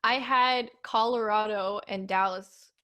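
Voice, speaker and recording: A young woman co-hosting a casual hockey talk show, animated and hedging as she talks. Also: medium pitch, unhurried. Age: young adult. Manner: animated, hedging with "like" and "I don't know". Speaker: co-host.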